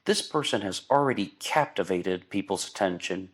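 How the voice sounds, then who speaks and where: A man's voice: low-pitched, lively intonation, moderate pace. A man hosting an online radio show, chatting casually about an old murder case, talkative and prone to exasperated asides. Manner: talkative, exasperated asides, mocks with put-on voices. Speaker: podcast host. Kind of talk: casual true-crime commentary.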